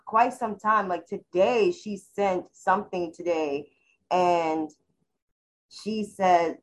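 A woman's voice: lowish voice, slow, low-quality recording. Candid woman telling a story. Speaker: podcast co-host. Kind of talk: casual chat.

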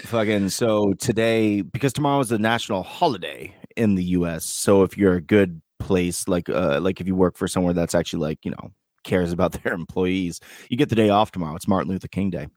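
A very deep-voiced man in his thirties trades crude jokes as a podcast co-host. His talk is animated and loose, and the sound is dry and close with no room echo. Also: brisk. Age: 30s. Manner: animated, joking, swears freely. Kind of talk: casual chat. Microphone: remote call setup.

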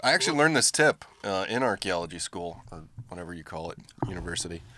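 A young man joking as a podcast guest, laughing often, with deadpan dark humor. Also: sits low, fast, dry recording. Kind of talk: casual chat.

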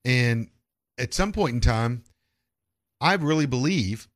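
A man's voice: mid-range voice, expressive, takes it slowly. Rambling male podcast host. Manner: rambling, with frequent restarts and swearing. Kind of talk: casual podcast chat.

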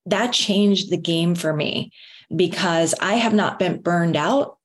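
Woman, middle-aged, motivational speaker, earnest, animated storytelling, lowish voice. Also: slow pace. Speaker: wellness speaker. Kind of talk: motivational talk.

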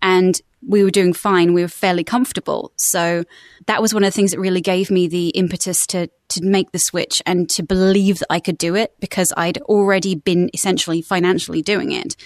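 A woman's voice: lowish voice, fairly even intonation, fairly quick, dry recording, clean studio sound. A woman who works as a voice-over artist, chatting upbeat and laughing often in a podcast interview. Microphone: studio microphone.

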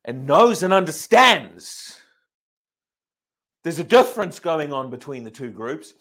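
A man preaching a sermon, reading scripture aloud and putting emphatic questions to his listeners. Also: unhurried. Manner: emphatic, asks the congregation questions; lively, swinging pitch. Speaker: pastor.

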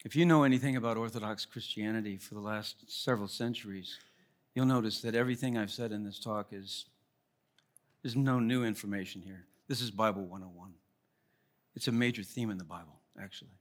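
A man preaching a sermon as pastor, emphatic, asking rhetorical questions and swinging between loud appeals and quiet asides. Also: fairly low pitch, a little fast.

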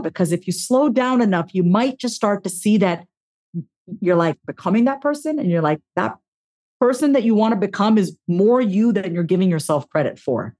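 A woman speaking as a podcast guest, giving a heartfelt motivational talk with expressive self-talk and casual swearing. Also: medium pitch.

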